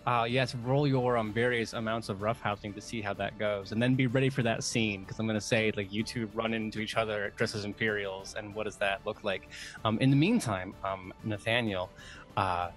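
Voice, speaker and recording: A man's voice: on the low side, steady tone, normal speed, faint music behind. A man from the United States running a tabletop game as game master, enthusiastic and meandering.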